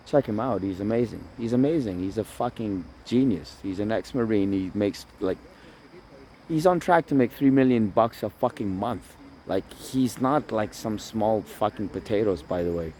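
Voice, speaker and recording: A man with a somewhat low voice talks into a phone held in his hand while out by the water. He rambles, swears freely and circles back over the same points. Faint outdoor sounds sit behind him. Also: a little mellow, slight background noise. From Toronto area. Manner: rambling, profane, repeats himself. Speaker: vlogger. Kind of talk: casual outdoor vlog monologue. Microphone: phone camera held by himself.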